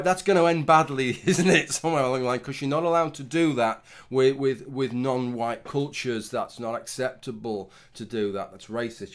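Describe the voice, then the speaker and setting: A middle-aged man giving a casual, rambling opinion commentary, swearing often and restarting his sentences. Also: mid-range voice. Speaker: commentary vlogger.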